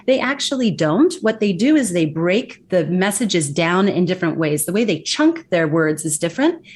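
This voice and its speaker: An American woman explaining workplace communication in an emphatic, animated interview style. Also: on the low side, a little fast, few pauses. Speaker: accent and communication expert guest. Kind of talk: interview answers.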